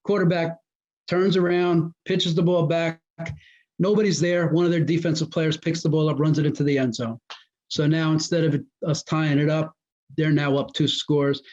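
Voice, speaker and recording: A man tells coaching stories with an animated delivery, slipping into the voices of the people he quotes. His voice sits a bit high for a man. The audio is muffled and lo-fi. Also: moderate pace. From New Jersey. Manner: animated storyteller who acts out quoted dialogue. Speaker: guest, former high school football coach. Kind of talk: casual storytelling interview.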